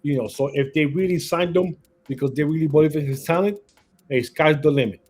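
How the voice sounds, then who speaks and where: A man's voice: fairly high pitch, a little fast, a little mellow. A man co-hosting a wrestling podcast in casual chat, often repeating words and leaning on "you know.". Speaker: podcast co-host.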